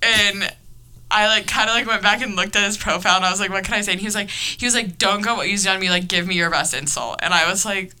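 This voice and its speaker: Bright-voiced young woman hosting a podcast. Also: mid-range voice, quick pace, clean tone. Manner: animated, laughs often, many fillers. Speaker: podcast host. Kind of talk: casual chat, storytelling.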